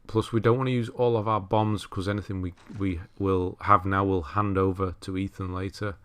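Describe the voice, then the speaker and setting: A man giving relaxed, chatty commentary over a game walkthrough, laughing at himself and correcting his own words. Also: low-pitched, moderate pace, smooth. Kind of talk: casual gameplay commentary.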